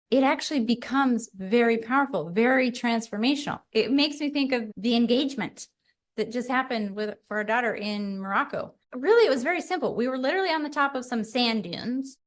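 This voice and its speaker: A middle-aged woman co-hosting a podcast in casual chat, animated, acting out little quoted voices. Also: on the high side, normal speed. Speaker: podcast co-host.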